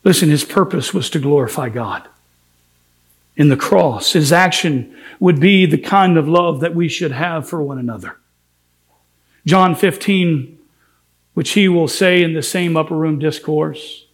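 A man with a slightly high voice preaches a sermon as a pastor at a measured pace. He is earnest and emphatic, acting out the words of biblical figures in quotes.

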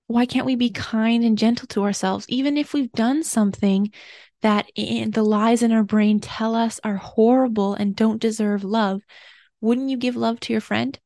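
A woman's voice: on the high side, no room sound. Earnest woman podcaster, dry close sound. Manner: earnest, gentle, openly confessional. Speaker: podcast host. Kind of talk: personal reflective monologue.

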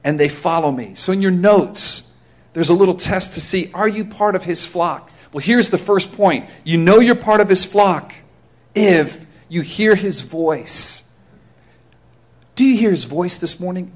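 A man's voice: sits high, darkish tone. A pastor preaching a sermon to his congregation, driving points home with emphatic rhetorical questions.

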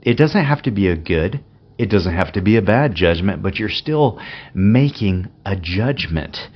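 A man's voice: fairly low pitch, animated, a little slow, breathy edge. A man hosting an unscripted devotional talk as a pastor, telling stories candidly and laughing often. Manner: candid, chatty storytelling with frequent laughs. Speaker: podcast host, pastor. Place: Spokane area. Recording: dull lo-fi recording with faint music.

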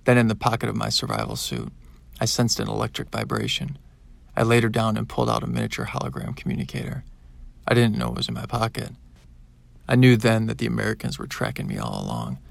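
A man narrating a science-fiction audiobook in the first person, in a plain, even storytelling manner. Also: lowish voice, fast talker, creaky, no room sound.

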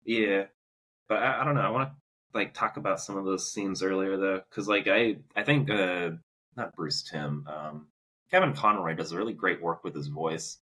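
Low husky guy rambling on a movie podcast, lots of likes and laughs. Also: moderate pace, sharp tone. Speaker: podcast co-host. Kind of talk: casual movie review chat.

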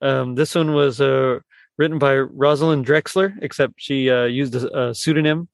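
A man hosting a casual movie podcast, talking in a rambling, halting way with lots of fillers and restarts. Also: mid-range voice, fairly even intonation, gravelly, no room sound, studio quality. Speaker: podcast host.

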